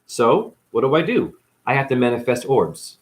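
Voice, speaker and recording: A man's voice: mid-range voice, sing-song, moderate pace. Blunt, profane man ranting in pain. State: in chronic pain. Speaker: live-stream vlogger. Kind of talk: raw unscripted monologue.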